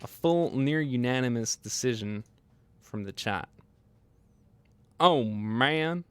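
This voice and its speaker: Excitable man hosting a livestream. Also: mid-range voice, slow pace, smooth, no room sound. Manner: excitable, laughs often, quotes movie lines in funny voices. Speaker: livestream host. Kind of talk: casual livestream chat.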